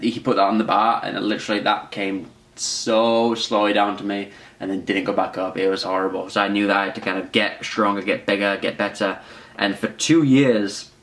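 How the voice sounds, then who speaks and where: A man's voice: fairly low pitch, fairly bright tone. A young man in his twenties telling a personal story in a chatty, rambling, self-mocking way. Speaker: vlogger. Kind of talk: casual storytelling to camera.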